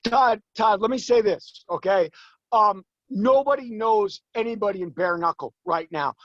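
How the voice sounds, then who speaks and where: A man in his forties, a guest in an interview, talking emphatically and fast, his voice climbing as he gets worked up. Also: high voice, a bit bright, highs cut off. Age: 40s. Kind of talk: heated interview talk.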